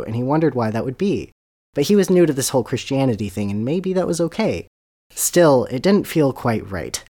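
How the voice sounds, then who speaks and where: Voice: medium pitch, darkish tone. A podcast host reading fan fiction aloud with sarcastic, giggly narration.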